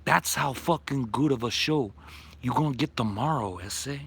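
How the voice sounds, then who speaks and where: A man's voice: medium pitch, measured pace, bright, forceful tone, slightly rough. A man putting on the voice of a streetwise tough guy who taunts and threatens in a swaggering, profane way, recorded outdoors in a backyard at night. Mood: menacing taunt.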